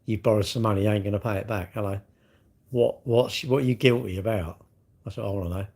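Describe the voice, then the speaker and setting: Gravelly blunt man. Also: lowish voice, steady tone, quick pace, a little mellow. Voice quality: gravelly, husky. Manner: blunt, mocking, rambling. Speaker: livestream host reading comments. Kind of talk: casual live-stream chat.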